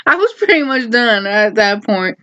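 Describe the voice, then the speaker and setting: Femme qui raconte une histoire d'une voix assez aiguë, ton décousu et rieur, son terne et lo-fi. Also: female voice, fairly high pitch, very animated, normal speed, fairly bright tone. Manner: rambling, lots of "like", frequent laughs. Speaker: storyteller. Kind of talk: casual storytelling vlog.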